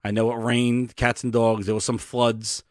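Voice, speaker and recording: A man doing a comedic impression of a middle-aged male executive playing a TV weatherman, contrite and halting with many ums and uhs. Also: mid-range voice, flat delivery, a little mellow, no room sound, studio quality, voice pushed down, lightly acted. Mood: sheepish apology.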